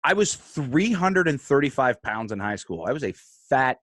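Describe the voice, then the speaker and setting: A man's voice: medium pitch, moderate pace, no echo. Blunt male podcast host, dry sound. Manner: relaxed, blunt and self-deprecating. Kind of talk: casual chat.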